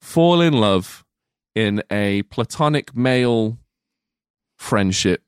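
Young bloke on a film podcast, swears constantly, laughy, dry close sound. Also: male voice, on the low side, slow, smooth, no room sound. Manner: sweary, animated, laughs often. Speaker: podcast co-host. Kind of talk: casual film-discussion chat.

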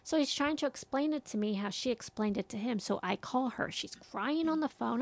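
A middle-aged mother recounts a story in casual conversation, quoting others as she goes. Her voice sits a little high and has a gravelly fry. The sound is dry, with no room echo. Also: fairly quick, few pauses. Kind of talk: casual chat.

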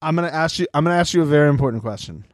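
A man co-hosting a casual recap podcast, playful and quick to mimic people. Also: fairly high pitch, animated, dry recording, clean studio sound. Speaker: podcast co-host. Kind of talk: casual chat.

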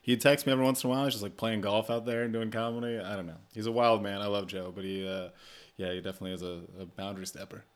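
Deadpan low-voiced young man, swearing. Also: very fast. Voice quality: flat, deadpan voice. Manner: swearing, animated storytelling. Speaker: podcast host and comedian. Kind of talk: casual chat.

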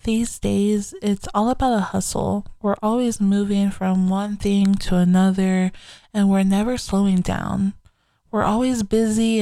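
A woman's voice: mid-range voice, warm tone, dry recording. A young adult woman hosting a faith podcast, talking candidly and reflectively in a casual way. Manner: candid, reflective, slow-paced. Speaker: podcast host.

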